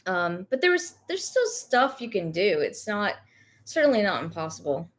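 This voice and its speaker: This livestream host and reseller is a young woman with a light Southern accent, originally from the rural American South. She's down with Covid but talks in a very animated, mid-range voice at normal speed. She chats loosely, reads out viewer comments, and rambles through plenty of fillers and self-corrections.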